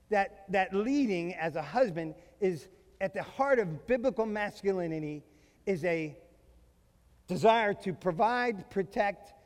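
A middle-aged man delivering a sermon in a large hall, his voice sitting high for a man. He leans hard on key words, drawing them out slowly, and tells funny stories about his own family. A long echo trails after him through the room. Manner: emphatic, slows down to stress key phrases, mixes in humorous family stories. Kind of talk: sermon to fathers.

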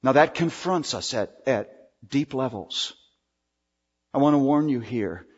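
A male pastor preaching a sermon in an emphatic way, drawing out key words with pauses. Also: medium pitch, expressive, darkish tone, slightly rough. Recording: dull recording with long hall reverb.

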